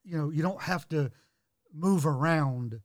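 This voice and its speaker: A man chatting casually, relaxed and hesitant with many fillers. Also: fairly high pitch, a little slow, dry recording, clean studio sound. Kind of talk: casual chat.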